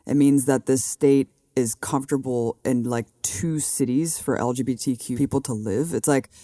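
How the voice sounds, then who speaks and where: A man from California co-hosting a political podcast, chatting loosely and peppering his speech with "like." His voice is dark and mellow, recorded close and dry. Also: medium pitch, steady tone, moderate pace, no echo. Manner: casual, fills his speech with "like". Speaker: podcast co-host. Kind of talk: casual political podcast chat.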